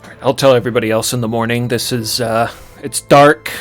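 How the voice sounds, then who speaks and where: Guy streaming an old rpg, crude jokey commentary, middle-pitched voice, faint music behind. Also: fairly even intonation, a little fast. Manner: crude, joking, wry. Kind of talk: casual gameplay commentary.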